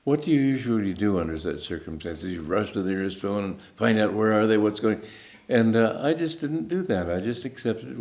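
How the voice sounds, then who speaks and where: A man in his eighties giving a spiritual talk as a teacher, telling stories in a calm, unhurried way with pauses. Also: fairly low pitch. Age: 80s.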